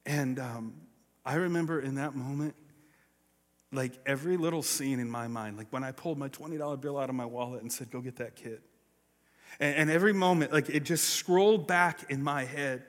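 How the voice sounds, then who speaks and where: A pastor telling a personal story in a sermon, acting out the voices of the people in it. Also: male voice, mid-range voice, a little fast. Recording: long reverb of a large hall.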